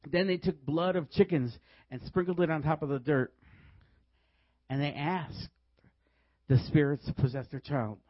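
A man preaching a sermon, telling stories in a lively way and laughing often as he goes. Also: a little high, moderate pace, dry recording, muffled recording. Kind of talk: sermon with storytelling.

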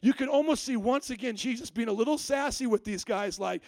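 A man preaching a sermon at a church service, telling Bible stories in a lively, humorous way and acting out the characters' lines. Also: very high voice, fairly quick, hardly any pauses, dry recording. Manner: animated storytelling, acting out quoted lines with humor. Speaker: pastor.

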